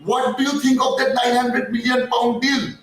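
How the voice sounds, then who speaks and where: A man rants through a live-stream fan commentary in a fairly high voice, swearing and then apologizing for his heat. He sounds set back from the mic in a very echoey space with a faint hiss underneath. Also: flat delivery, moderate pace, fairly bright tone, far from the mic. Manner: heated, ranting, swears, apologizes for getting hyper. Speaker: fan channel host.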